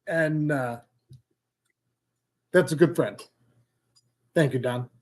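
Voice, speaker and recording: A man's voice: on the high side, takes it slowly. A man hosting a casual fishing livestream from home, rambling and joking as he reads out comments. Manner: rambling, joking, easily sidetracked. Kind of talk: casual live-stream chat. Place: home, indoors.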